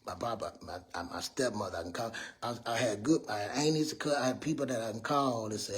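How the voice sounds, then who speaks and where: A man in his fifties giving a rambling, preachy motivational talk as a mentor, loud and earnest. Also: mid-range voice, expressive, a little fast. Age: 50s. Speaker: mentor speaking to young people. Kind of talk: motivational monologue.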